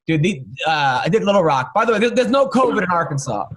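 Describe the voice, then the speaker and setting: High-voiced man telling road stories. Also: quick pace. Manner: animated, acts out crowd voices, laughs through stories. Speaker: comedian podcast host. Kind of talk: casual storytelling chat.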